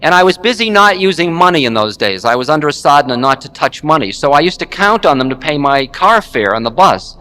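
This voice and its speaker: A man's voice: fairly high pitch, a little fast, few pauses. Candid man telling a story. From United States. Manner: candid, wry, animated storytelling. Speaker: spiritual teacher. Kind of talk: storytelling talk.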